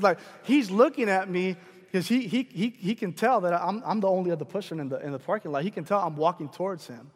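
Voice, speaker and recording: A man preaching a sermon, telling a personal story in a casual, animated way with many fillers and restarts. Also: high voice, fast. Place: large church hall. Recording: long hall reverb.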